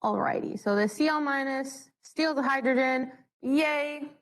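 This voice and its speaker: A woman's voice: sits high, unhurried. A young woman leading a chemistry study session in a bubbly, joking way. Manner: bubbly, joking, self-mocking. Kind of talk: classroom teaching.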